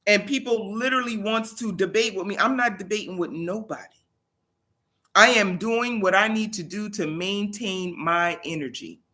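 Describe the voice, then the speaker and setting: A woman giving a motivational talk to her livestream audience, with a bright, forceful tone. She leans on repetition and emphasis like a preacher, pressing her points home. Her pitch sits in an ordinary middle range. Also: moderate pace. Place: home in South Carolina.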